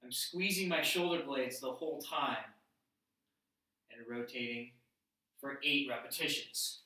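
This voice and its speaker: A man's voice: mid-range voice, unhurried, sharp tone. A man teaching a workout, explaining each exercise step by step while he demonstrates the moves. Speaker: fitness instructor. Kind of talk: instructional workout demo. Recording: very echoey room, mic at a distance.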